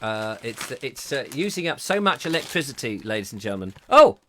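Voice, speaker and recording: Man, comic chat show host, lively swooping pitch, jokey asides. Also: fairly quick, slight background noise. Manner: jokey, playful, rambling asides.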